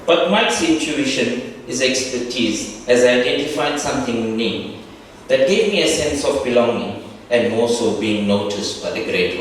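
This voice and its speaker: A man's voice: medium pitch, slight background noise. A middle-aged man giving a reflective, humorous spoken tribute at a reunion. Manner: reflective storytelling with warm humor. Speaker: speaker at a reunion. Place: large echoey hall. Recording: distant, echoey hall recording with faint ambience.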